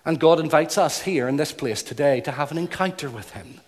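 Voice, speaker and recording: Earnest high-voiced male preacher, reverberant hall. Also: animated, brisk. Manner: earnest, emphatic, rhythmic repetition. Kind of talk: sermon.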